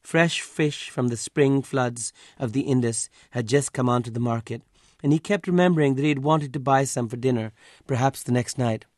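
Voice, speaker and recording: A man reading a literary story aloud as an audiobook narrator, measured and even. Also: medium pitch, dry recording, clean studio sound.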